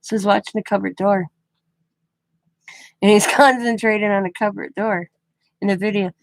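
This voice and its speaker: Woman, craft vlogger, chatty storytelling, frequent laughs, mid-pitched voice, dry close sound. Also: fairly even intonation, moderate pace, gravelly, no echo, poor audio. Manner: chatty, laughs often between phrases; retells conversations with quoted back-and-forth. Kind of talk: casual storytelling chat.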